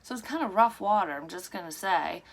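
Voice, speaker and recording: A middle-aged woman, a psychic medium, telling a dream in a rambling, profane, animated way from her room. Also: medium pitch, fairly quick, gravelly. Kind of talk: casual storytelling of a dream. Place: her room at a tarot table.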